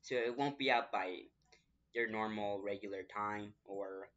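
A man's voice: lowish voice, fairly even intonation, unhurried, a bit bright. A young man hosting a casual vlog update. He rambles and apologizes, repeating himself, and he has the hiccups. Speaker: channel host. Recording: dull lo-fi recording.

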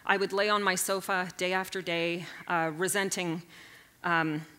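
A woman in her forties telling comedic stories on stage, animated and self-mocking, jumping into loud character voices. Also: on the low side, a little slow. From Canada. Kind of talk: stand-up storytelling talk. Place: stage at a live event.

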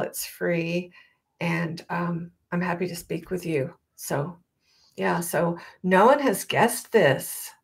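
A woman with a low voice co-hosts a live online show. She talks slowly and in a friendly way, and she laughs easily. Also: creaky. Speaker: co-host and dog show mentor.

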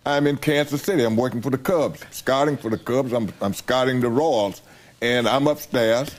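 A man's voice: mid-range voice, moderate pace. An older man from the United States being interviewed, telling folksy stories and chuckling as he goes. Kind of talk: storytelling interview.

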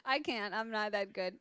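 A woman's voice: mid-range voice, bright, forceful tone. A woman hosting a live call-in show, chatting casually with callers and laughing often.

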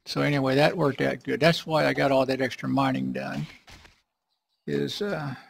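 A man giving casual, rambling commentary while playing a survival game, often clearing his throat. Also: mid-range voice, level tone, moderate pace. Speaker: let's play gamer.

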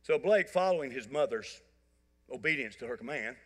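Speaking in a mid-range voice at a normal speed, a pastor delivers a sermon full of animated, folksy, joking stories for his congregation. The sound carries the reverb of a church hall, recorded in the sanctuary.

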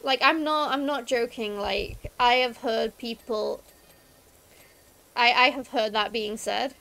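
A high-voiced woman from Liverpool chats away on her game stream, her Scouse accent soft but there. She rambles along with plenty of "like" and "um", loose and casual. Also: takes it slowly, creaky. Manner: rambling and chatty, lots of fillers.

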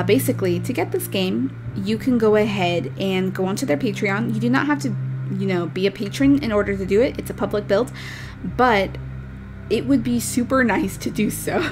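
A woman giving casual, excitable commentary while playing a game, gushing with delight. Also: mid-range voice. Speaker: let's play gaming creator. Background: game music.

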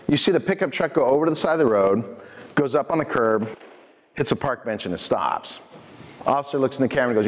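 A man giving a lively prevention talk to a youth audience, telling stories and speaking to the crowd directly. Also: mid-range voice, fairly quick. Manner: energetic, addresses audience directly. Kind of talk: lively presentation with storytelling. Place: church hall. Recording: echoey hall.

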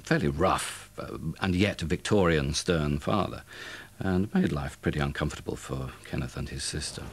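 Deep-voiced man, gravelly, measured documentary commentary. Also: a little hiss or hum. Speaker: documentary narrator.

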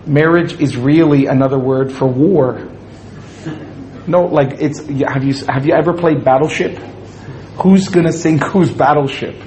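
A man's voice: a little high, unhurried, a little mellow, slight background noise, rough recording. A man giving a humorous Islamic lecture to an audience, joking and acting out little scenes as he speaks. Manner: joking, playful storytelling with acted-out quotes.

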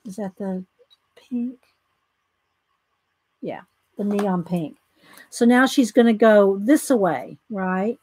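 A woman's voice: medium pitch, takes it slowly, long pauses, a little mellow, husky, no echo. Chatty Southern woman demonstrating coloring. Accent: Southern American. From Southern United States. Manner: chatty, greets viewers by name, laughs easily. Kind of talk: casual live coloring tutorial, reading steps aloud.

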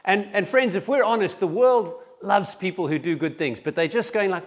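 A man's voice: high-pitched, moderate pace, hardly any pauses. A man preaching a sermon in church and giving announcements, talking conversationally with frequent restarts. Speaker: pastor.

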